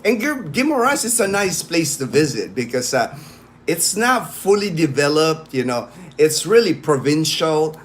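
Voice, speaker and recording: A man's voice: on the high side, very animated, unhurried, a little hiss or hum. Chatty man hosting a livestream. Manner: rambling, many fillers and restarts, greets viewers by name. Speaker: livestream host. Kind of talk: casual livestream chat.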